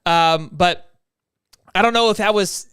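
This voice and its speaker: A man co-hosting a casual sports podcast, excitable, laughing often and drifting off on tangents. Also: high voice, a little slow, clean tone, no echo, clean studio sound.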